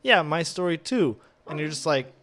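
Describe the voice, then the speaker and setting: A young man who is a guest musician, talking in a laid-back, halting way with many fillers and some swearing. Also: fairly high pitch, lively intonation, a bit bright. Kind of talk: casual chat.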